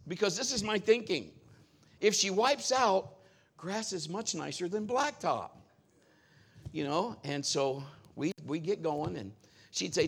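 A male pastor preaching a sermon, telling animated stories and acting out quoted voices. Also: high-pitched, normal speed, creaky.

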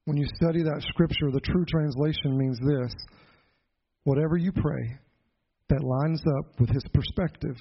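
A man's voice: medium pitch, vocal fry, slightly rough. Folksy man preaching, lo-fi sound. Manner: folksy, earnest storytelling with asides and self-deprecating jokes. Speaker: pastor. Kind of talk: sermon with personal story. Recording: dull lo-fi sound.

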